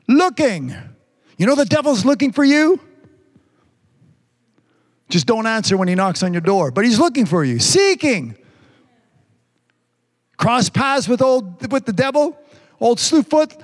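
A man preaching a sermon with emphatic repetition, frequent hallelujahs and words drawn out slowly for emphasis. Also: very high voice, sing-song.

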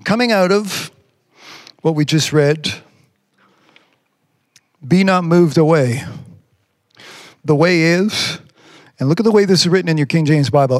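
Male pastor, fairly high voice, preaching a sermon; slow scripture reading, pitch climbs for emphasis. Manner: preaching, reads scripture slowly, rises in pitch when emphatic. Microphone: remote stream from a device on batteries.

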